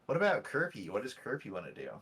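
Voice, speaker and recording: A man's voice: mid-range voice, wildly swooping pitch, fast talker, fairly bright tone, slight background noise. A man acting as game master, talking casually and patiently explaining the rules. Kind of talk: casual tabletop game narration.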